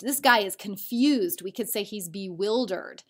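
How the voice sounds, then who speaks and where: Animated woman teacher sounding out syllables. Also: medium pitch. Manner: patient, clear, sounds out words slowly for clapping. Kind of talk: recorded spelling lesson for children.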